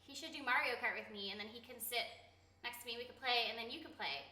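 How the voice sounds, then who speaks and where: A woman streamer chats and giggles her way through a game stream, reading viewer comments as she goes. Her voice is high and very bright, swinging widely in pitch. The room around her sounds echoey. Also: quick pace. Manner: giggly, chatty, reads viewer comments aloud. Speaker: streamer and voice actor. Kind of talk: casual live-stream chat.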